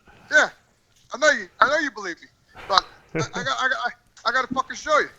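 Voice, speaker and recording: A man's voice: very high-pitched, expressive, quick pace, sharp tone, lo-fi sound, slight background noise. A man ranting in casual chat on a podcast call, profane, rambling and heated. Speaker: regular podcast guest. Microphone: video call.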